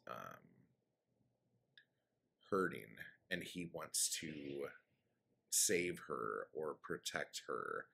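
A man casually recapping his own dark story, rambling with many fillers and blunt swearing. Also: very deep voice, gravelly. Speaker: author summarizing his story.

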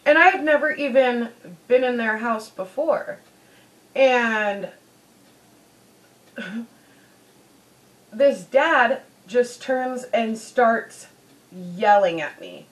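A woman's voice: fairly high pitch, very slow, pauses often, poor audio. A woman beauty vlogger telling a personal story in a chatty way, full of "you know"s. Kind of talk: casual storytelling.

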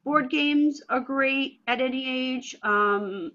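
A woman speech pathologist answers interview questions with a lively, playful manner. Her voice sits high and sounds bright and forceful. The video call audio is a bit dull and muffled. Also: slow.

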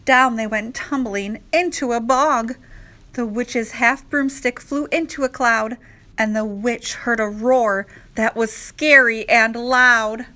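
Slow, bright-voiced woman reading aloud. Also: fairly high pitch. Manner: slow, expressive, rhythmic reading. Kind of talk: children's read-aloud narration.

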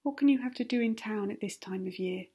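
Woman softly voicing a prying gossipy old lady. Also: medium pitch, brisk, slightly rough, lightly acted. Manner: prying, insistent. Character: nosy, meddling older gossiping woman. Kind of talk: whispered role-play.

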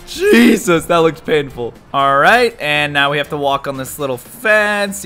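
Excitable young man yelling over gameplay. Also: a little high, unhurried, hardly any pauses, faint music behind. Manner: animated, yelps and laughs, swings between muttering and shouting. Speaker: gaming YouTuber.

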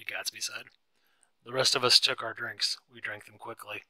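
A man narrates a storybook in a clear, steady way. His voice sits low but sounds very bright and forward. The recording is dry and close. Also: moderate pace, dry recording, low-quality recording.

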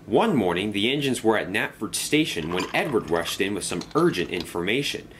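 A man reading a children's storybook aloud as narrator, in an expressive, lively way. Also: fairly low pitch, moderate pace, slight background noise.

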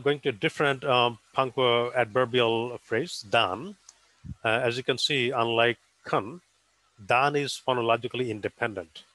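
A man's voice: mid-range voice, fairly bright tone, no echo, poor audio. A man giving an academic conference presentation, explaining carefully with frequent um and uh fillers.

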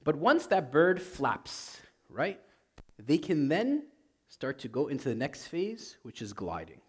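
A man preaching as a priest in a conversational way, often saying "like" and swinging from loud to very soft. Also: a little high, very animated, slow, slightly rough. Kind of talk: sermon.

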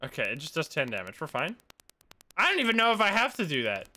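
A young man live-streaming a game, excitable, yelping and shouting whenever things go wrong. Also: on the high side, fast, heavy background noise. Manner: excitable, yelps and shouts at setbacks. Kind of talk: live gameplay commentary.

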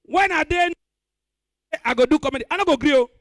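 High-voiced Nigerian comedian shouting punchlines. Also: male voice, brisk, no room sound, clean studio sound. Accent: Nigerian Pidgin. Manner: animated, bursts into shouting. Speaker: stand-up comedian. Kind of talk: live stand-up comedy.

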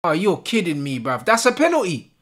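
A young man giving a live, sweary football watch-along, shouting at players and the referee in street slang. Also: high-pitched, very animated, a little fast. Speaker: football fan streamer.

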